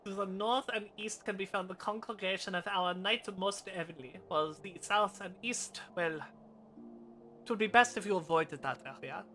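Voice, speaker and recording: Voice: mid-range voice, bright, forceful tone, slight background noise, natural voice. A streamer reading a formal knightly officer. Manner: formal, measured. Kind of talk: reading game dialogue aloud.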